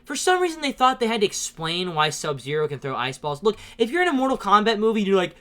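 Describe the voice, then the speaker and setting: Excitable podcast host with a mid-pitched voice, swearing through a casual movie rant. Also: fast talker. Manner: profane, ranting, excitable; laughs often while talking. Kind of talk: casual movie-review chat.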